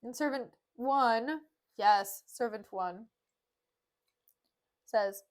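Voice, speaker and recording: A woman's voice: mid-range voice, normal speed. A woman streamer reading a play aloud and retelling it in casual modern words, with breezy, jokey asides.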